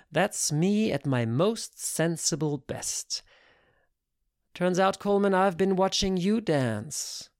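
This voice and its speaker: Casting: a man doing a hard-bitten, profane woman lover, slow, measured delivery, dry close sound. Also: high voice, vocal fry, dry recording, heavily acted. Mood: mocking. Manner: blunt, profane, slow and intense.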